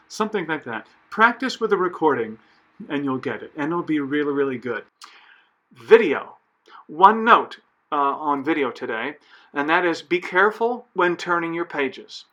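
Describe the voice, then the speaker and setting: A choir director talks his singers through a piece in a patient, methodical way. His voice sits a little high for a man. He counts beats aloud and sings short examples as he goes. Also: sing-song, moderate pace, bright, forceful tone, lo-fi sound. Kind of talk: recorded choir instruction.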